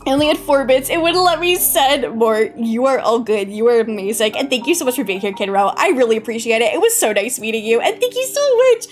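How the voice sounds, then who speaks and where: A young woman streamer chatting casually with her live chat, bubbly and giggly, greeting viewers warmly. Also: on the high side, fast talker, hardly any pauses. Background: faint background music.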